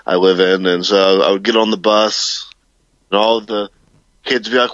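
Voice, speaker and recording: Low-voiced rambling male co-host. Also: flat delivery, normal speed, a bit bright, dry recording, highs cut off. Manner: rambling storytelling, many fillers and laughs. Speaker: podcast co-host. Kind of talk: casual chat.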